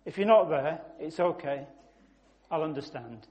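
A man's voice: on the high side, animated, a little slow, darkish tone. A man voicing a remorseful teenage runaway girl. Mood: pleading. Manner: anxious, rehearsed pleading.

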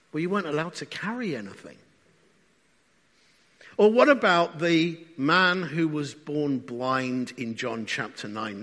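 Male preacher, sermon, conversational, asks the room questions, slightly high voice, long hall echo. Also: sharp tone.

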